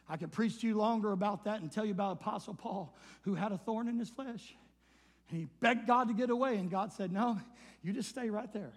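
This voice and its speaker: An older man preaching a sermon, swinging from loud shouted declarations down to hushed, quiet passages. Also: high voice, brisk, long reverb tail. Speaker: pastor.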